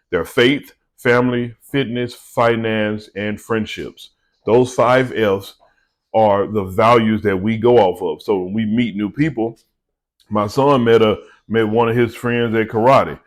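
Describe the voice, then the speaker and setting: A middle-aged vlogger who owns a small business gives his viewers an earnest devotional talk in a conversational style. His voice sits at a medium pitch.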